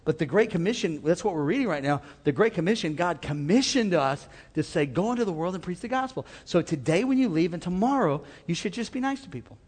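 High-voiced preaching pastor, big hall. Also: male voice, expressive, fast talker, few pauses, a little mellow, slightly rough. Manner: call-and-response preaching, conversational asides. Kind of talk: sermon. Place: church sanctuary. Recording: long hall reverb.

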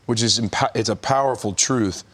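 Lower-voiced man explaining scripture. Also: normal speed, fairly bright tone. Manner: explanatory, with restarts. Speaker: Bible study participant. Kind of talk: Bible study discussion.

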